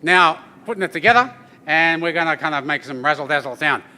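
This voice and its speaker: An Australian man tells humorous stories to a live audience in a bright, forceful voice that sits high for a man. He keeps it loose and chatty, tossing "yeah?" and "eh?" to the room. He moves between jokes and demonstration at an event. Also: expressive, fairly quick. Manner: joking, chatty, often ends with "yeah?" and "eh?". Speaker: artist giving a talk and didgeridoo demonstration. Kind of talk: humorous storytelling presentation. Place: corporate event space at a briefing.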